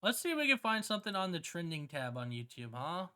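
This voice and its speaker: A livestreamer talks loosely with viewers, full of slang and curses and quick to laugh. The voice swings widely in pitch, rising high when excited. It has a bright, forward tone. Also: clear, resonant tone. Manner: slangy, swears a lot, keeps saying "bro"; emotional and excitable, often laughing. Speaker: streamer. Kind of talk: casual livestream chat with viewers.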